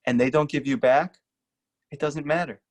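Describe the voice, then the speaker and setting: A man's voice: on the high side, steady tone, moderate pace. Earnest man preaching a class. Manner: urgent and emphatic, repeats short lines for stress. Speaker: rabbi teaching a class. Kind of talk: earnest sermon-style lecture.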